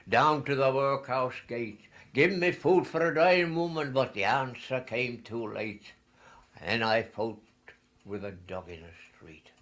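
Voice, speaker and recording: A man's voice: medium pitch, fairly bright tone. A man reciting verse in the voice of a grieving, bitter old pauper, declaiming the lines.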